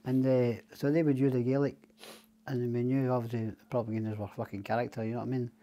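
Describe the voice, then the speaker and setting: A man's voice: medium pitch, little pitch movement, quick pace, warm tone. Scottish man, rambling profane storyteller. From Scotland. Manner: rambling, swears a lot. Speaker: podcast guest. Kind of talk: casual storytelling chat.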